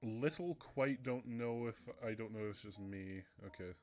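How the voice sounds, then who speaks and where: A man's voice: fairly low pitch, normal speed, darkish tone. Chatty young man with a runny nose. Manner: rambling, chatty, often laughing. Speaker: streamer. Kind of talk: casual livestream chat. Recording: faint background music.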